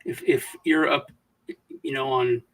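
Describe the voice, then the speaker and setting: A man's voice: medium pitch, fairly even intonation, measured pace, distant mic, low-quality recording. A man co-hosting a casual livestream chat, rambling through stories with many restarts and fillers. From United States. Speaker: livestream co-host.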